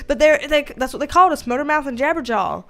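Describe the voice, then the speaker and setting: A woman's voice: high voice, lively intonation, quick pace, a bit bright. A Southern American woman in casual livestream chat from home, rambling and talkative, laughing often as she greets viewers. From Southern United States. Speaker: livestream host.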